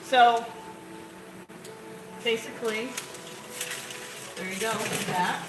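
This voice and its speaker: Over loud music, a woman with a fairly high, steady voice talks slowly as she cooks at home, chatting and rambling to viewers about each step. The casual tutorial is echoey and off-mic, with loud cooking noise.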